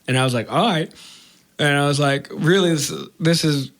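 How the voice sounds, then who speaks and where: Animated man telling a story. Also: on the high side, normal speed. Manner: animated, swearing, acts out quoted voices. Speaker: podcast host. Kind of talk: casual storytelling chat.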